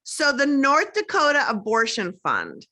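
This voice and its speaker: A woman with a Minnesotan accent talks fast and animatedly over a video call. Her voice is bright and a little high, and she peppers her talk with "like". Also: wildly swooping pitch. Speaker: guest, comedian and activist. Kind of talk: casual video-call chat.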